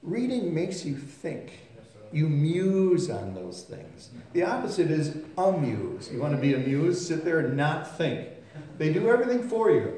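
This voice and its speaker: A man's voice: medium pitch, very animated, a little slow, a little mellow. A man preaching a sermon in a folksy, storytelling way, acting out voices and sounds. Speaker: pastor. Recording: very echoey room.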